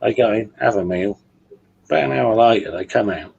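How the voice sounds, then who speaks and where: A man's voice: on the low side, a little fast, gravelly, a little mellow, muffled recording, a little hiss or hum. A man telling a crude joke in casual chat, checking in with his listeners as he goes. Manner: crude, chatty storyteller who keeps checking in with listeners.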